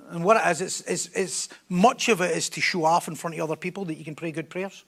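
A man's voice: a little high, fairly quick, a bit bright. A man preaching a sermon in an emphatic style, repeating key phrases for weight.

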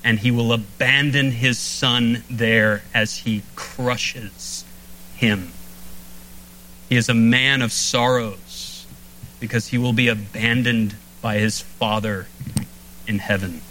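A man preaching a sermon as pastor, earnest, slowing and dropping low on key phrases. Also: steady tone, pushed and bright, slight background noise, poor audio.

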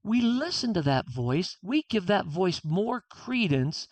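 A man's voice: high voice, very animated, slow, no room sound. An author being interviewed, a man speaking earnestly and acting out his own inner self-talk. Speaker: author guest. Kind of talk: interview conversation.

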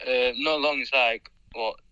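A man from northern England calling in to a podcast, chatting in relaxed slang. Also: mid-range voice, a little slow, clean tone, dry recording, dull audio. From Accrington, northern England. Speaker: caller.

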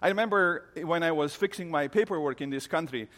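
A man's voice: a little high, brisk, fairly bright tone. A middle-aged man from Romania, preaching a sermon as an earnest storyteller who often restarts his sentences. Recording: long hall reverb.

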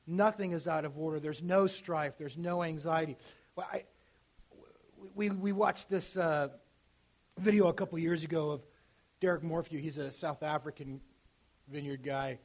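A pastor preaching in a relaxed, conversational way, his voice sitting a touch higher than most men's. He stumbles and restarts often, then drops almost to a murmur on the phrases he wants to land. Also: moderate pace. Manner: conversational, with frequent restarts and dropping to a hush at key phrases. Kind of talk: sermon.

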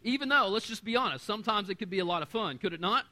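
A man in his thirties preaching a sermon, animated, swinging between loud and quiet and acting out the voices he quotes. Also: high voice, rapid-fire. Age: 30s. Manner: acts out quoted voices in conversational storytelling. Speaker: pastor.

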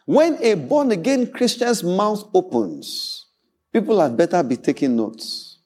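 Male pastor, high and animated, playful sermon storyteller. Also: unhurried, husky. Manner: animated storytelling preacher, acts out quoted voices, laughs often.

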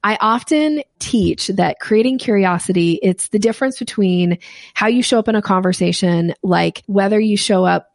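A middle-aged woman sales coach answering interview questions, animated and often acting out the voices she quotes. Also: mid-range voice, moderate pace, creaky, no room sound, clean studio sound.

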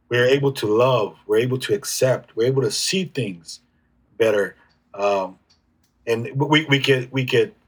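A man speaking as an interview guest, reflective and halting, with frequent restarts. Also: medium pitch, breathy edge. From United States. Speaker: guest healer. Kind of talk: casual conversational interview.

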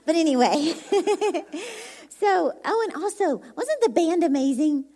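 Preaching as a guest speaker, this bubbly, chatty woman from Dallas, Texas laughs frequently and speaks with a Texan accent in a childlike, youthful voice. Here her voice is very high, expressive and warm, and she takes her time.

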